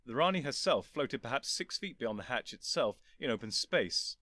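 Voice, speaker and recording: Expressive male audiobook narrator. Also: medium pitch, normal speed, dry recording. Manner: lively, expressive storytelling.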